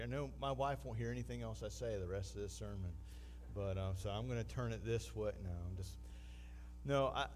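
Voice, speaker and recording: A pastor, preaching a sermon in a conversational manner with emphatic swells. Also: male voice, mid-range voice, darkish tone, slight background noise.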